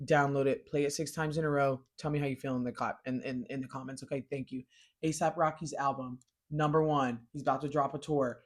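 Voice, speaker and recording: A woman hosting a casual pop culture show, chatting in an animated, slangy way and gushing over what she loves. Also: sits low. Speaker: pop culture podcast host. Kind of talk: casual chat.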